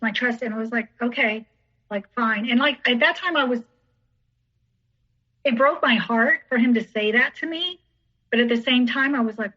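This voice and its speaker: A woman's voice: a little high, sharp tone, lo-fi sound. A woman telling a story as a podcast guest in casual, rambling speech full of "like" and "you know".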